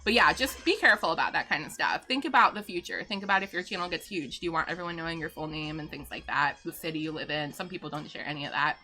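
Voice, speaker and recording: A woman's voice: deep voice, quick pace, hardly any pauses, bright, forceful tone, soft background music. A middle-aged woman streaming live from home, chatting casually, answering viewer questions and laughing often.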